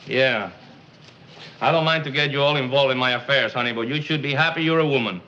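An actor with a Cuban accent playing a hungry, harried husband in a 1950s sitcom. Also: male voice, medium pitch, fairly quick, sharp tone, dull audio, close to an everyday voice. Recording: old TV audio with background noise.

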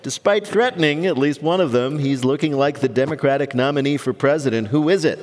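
A man's voice: fairly high pitch, a little fast, darkish tone, long reverb tail. A man hosting a comedy news quiz before a live audience, delivering wry quips and punchlines. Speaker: quiz show host.

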